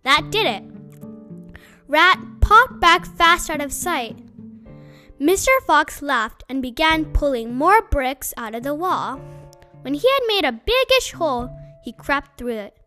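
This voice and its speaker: A woman reading a children's story aloud as a storyteller, slow and expressive. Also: sits high, soft background music.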